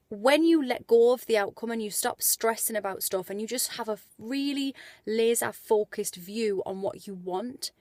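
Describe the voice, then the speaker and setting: Her pitch a little high, this vlogger speaks over studio-quality audio with no room sound. Indoors as daylight dims, she rambles through a laid-back motivational vlog, lively and packed with filler words.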